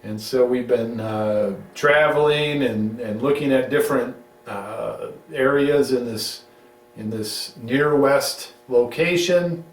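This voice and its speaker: A middle-aged man hosts a casual home-recorded chat, rambling and teasing his co-host, often restarting his sentences. His voice sits at a middle pitch. The room rings around him and he sits a little back from the mic. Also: slow. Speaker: show host. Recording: roomy sound, mic at a distance.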